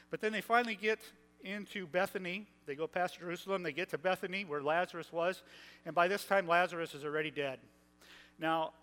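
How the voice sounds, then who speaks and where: A man's voice: a little high, fairly bright tone, big-room sound, a little hiss or hum, rough recording. A man preaching a sermon, retelling scripture in a conversational way and slipping into playful modern paraphrases.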